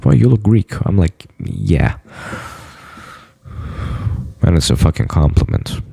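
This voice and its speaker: Man, deep gravelly voice, dark tone, dry close sound, brash and profane vlogger. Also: no room sound. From United States. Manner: blunt, profane, boastful. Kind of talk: boastful monologue to camera.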